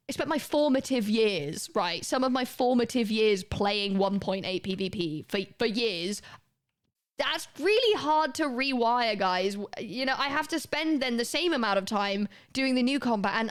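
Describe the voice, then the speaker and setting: A woman's voice: mid-range voice, fairly bright tone. A woman, chatting casually and rambling as she streams a game, swearing now and then. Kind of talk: casual gaming commentary.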